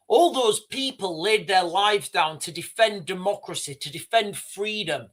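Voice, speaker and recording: A man streams live and comments with raw passion. His voice sits high for a man. He stumbles, restarts and swears bluntly as he talks. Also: animated, a bit bright. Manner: impassioned, halting, with restarts and swearing. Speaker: livestream host.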